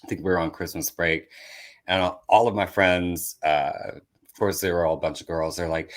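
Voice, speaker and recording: A young man with a very low voice tells personal stories on a podcast, candid and self-deprecating. He slips into his family members' voices as he goes, keeping it casual and easygoing. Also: steady tone, moderate pace. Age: young adult. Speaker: comedian guest.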